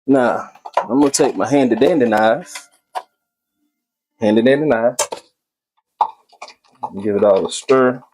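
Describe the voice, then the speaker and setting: A man's voice: mid-range voice, takes it slowly, long pauses, background noise. A man hosting a casual cooking video, talking to viewers as he cooks and often repeating his phrases.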